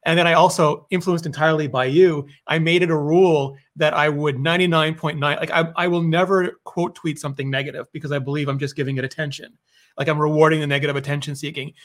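A man talking in a casual, animated conversation, telling stories and laughing easily. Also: a little high.

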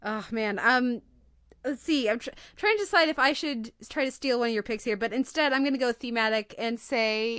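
A woman podcast host talks about TV in a fairly high voice, gushing and getting choked up over her picks. The sound is close and dry, with no room around it. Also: normal speed, fairly bright tone, smooth, no echo. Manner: emotional, gushing. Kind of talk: casual TV review chat.

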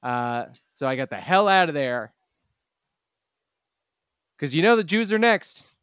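High, smooth-voiced comedy podcast man. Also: big pitch swings, measured pace, a bit bright, dry recording, studio quality. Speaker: podcast co-host. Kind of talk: comedic casual chat.

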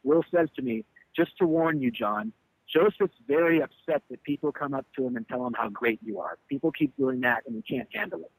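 A band leader's brisk, high-leaning voice, gravelly and a bit rough, carries a profane, heated tour story about a bandmate who quit on a show. He animatedly acts out what was said in this candid interview. The recording is dry and low in quality.

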